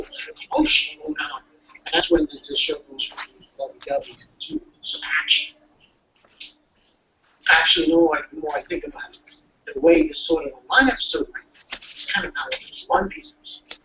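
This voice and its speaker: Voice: mid-range voice, vocal fry, bright, forceful tone, slight background noise. A speaker casually recapping an anime episode, rambling and restarting, acting out the characters' lines along the way. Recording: distant, dull lo-fi mic.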